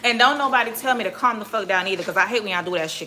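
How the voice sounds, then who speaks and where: A woman's voice: mid-range voice, quick pace, hardly any pauses, slight background noise. A woman from Miami with a Caribbean-American accent, chatting bluntly and profanely on a livestream while she cleans. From Miami, Florida. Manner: blunt, profane, animated storytelling. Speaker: livestream host.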